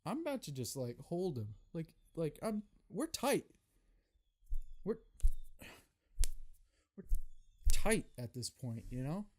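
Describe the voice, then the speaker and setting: A young man hosting his own podcast, telling a story in a profane, exasperated, animated rant. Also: fairly high pitch, takes it slowly, long pauses. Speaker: podcast host. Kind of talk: solo comedic storytelling rant.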